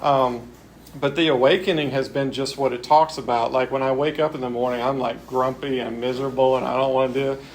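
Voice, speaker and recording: A man's voice: mid-range voice, fairly even intonation, brisk, a little hiss or hum. A man giving a reflective, plain-spoken recovery talk as a speaker at a men's spiritual retreat. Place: retreat gathering.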